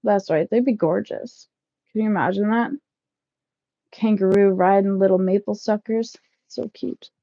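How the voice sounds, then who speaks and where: A woman in her thirties chatting casually with live viewers while packing up, loud and laughing, swearing freely. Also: mid-range voice, unhurried, gravelly, no echo, highs cut off. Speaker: livestream vlogger. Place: shed, packing up.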